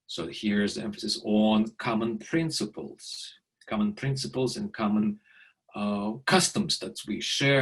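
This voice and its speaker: Middle-aged guy lecturing, kinda low voice, lots of uhs and repeats. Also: breathy edge. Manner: halting, many fillers and repeated words. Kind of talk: video lecture.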